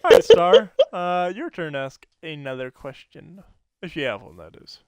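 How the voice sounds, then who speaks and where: A man's voice: on the high side, sing-song, moderate pace, fairly bright tone, clean tone, no echo. A man co-hosting a podcast, telling stories in a rambling casual chat full of fillers and laughs. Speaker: podcast co-host.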